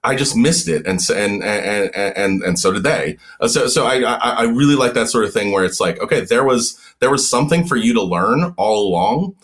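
A man who is a guest author in a casual podcast chat, talking in halting bursts with many repeated words and restarts. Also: on the low side, animated, fairly bright tone.

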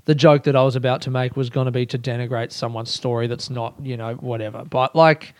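A man's voice: mid-range voice, fairly even intonation, fairly quick, no echo. Aussie comedian guy rambling on his podcast, swears constantly, flares up into rants, close dry mic. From Australia. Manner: rambling, swears a lot, bursts into loud ranting. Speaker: stand-up comedian. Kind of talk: casual podcast monologue.

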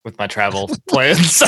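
A man's voice: fairly high pitch, noisy background. A young man chatting casually, rambling and joking with frequent laughs. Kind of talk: casual chat.

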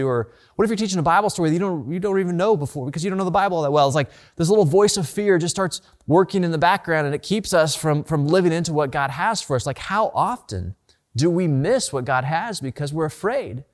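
A man's voice: on the high side, fast talker. A man preaching a sermon as a pastor, earnest and conversational, often repeating words as he restarts a thought.

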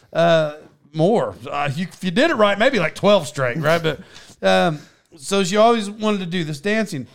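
A man's voice: high-pitched, creaky. A man telling rambling stories in casual chat, laughing as he goes.

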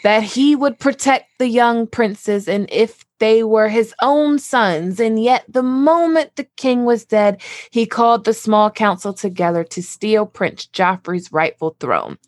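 A woman reading the lines of an older male court scholar in a slow, solemn way. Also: a little high, dry recording, studio quality, lightly acted.

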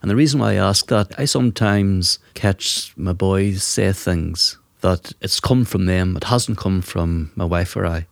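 Brief: male host, low gravelly voice, dry close recording, asks probing questions. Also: unhurried, few pauses, no echo. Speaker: podcast host. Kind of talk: conversational interview questions.

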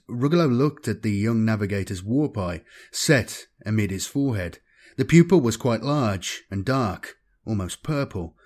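A man's voice: mid-range voice, a little mellow. Man narrating sci-fi audiobook. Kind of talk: scripted narration.

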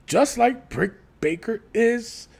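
High-pitched guy ranting on a podcast, lots of gravel, swings all over. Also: takes it slowly. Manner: animated, ranting, profane. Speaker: podcast co-host. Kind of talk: casual wrestling podcast chat.

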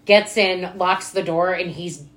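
A woman with a fairly low voice chats casually about a movie with her co-hosts. She fills in plot details and adds her own asides in a relaxed way. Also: unhurried. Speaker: podcast co-host. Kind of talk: casual movie recap chat.

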